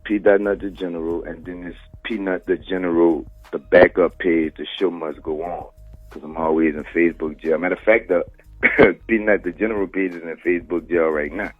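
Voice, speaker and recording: This podcast host from New Orleans, Louisiana, has a low voice with fairly even intonation and a moderate pace, heard dry with no echo and soft music underneath. His casual interview talk is packed with street slang and "you heard me," and it comes through a tinny phone-line radio call.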